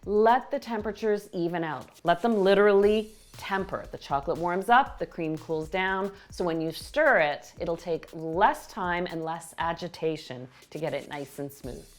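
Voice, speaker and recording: A woman hosting a baking show, explaining each step with clear, enthusiastic instructions from a kitchen. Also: lowish voice, moderate pace, hardly any pauses. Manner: warm, explanatory, enthusiastic about the food. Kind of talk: cooking demonstration.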